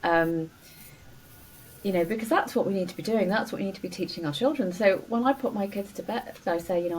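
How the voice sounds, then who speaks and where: A woman's voice: mid-range voice, expressive, fairly quick, darkish tone, distant mic, poor audio. A middle-aged woman, a doctor and coach, talking earnestly and encouragingly as a podcast guest, with many "you know" fillers. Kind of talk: warm interview conversation. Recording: faint noise, voice a bit off-mic.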